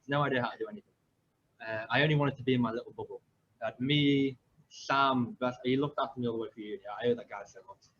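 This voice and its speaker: A young man from England, a podcast host, telling his story in a rambling, self-deprecating way with many fillers and restarts. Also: medium pitch. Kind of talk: casual storytelling. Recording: slightly dull lo-fi audio with faint background noise.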